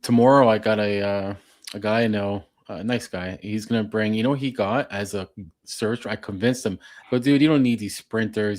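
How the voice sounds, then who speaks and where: A man chatting on a trade podcast, dropping quick agreeing replies and describing a work van setup. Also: fairly low pitch. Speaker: podcast co-host, HVAC technician. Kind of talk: casual chat.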